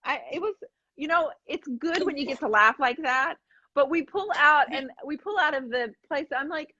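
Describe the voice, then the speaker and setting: A woman co-hosting a live DIY painting show, telling a funny story with animated acted-out voices. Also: high voice, moderate pace, highs cut off. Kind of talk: casual chat while painting furniture.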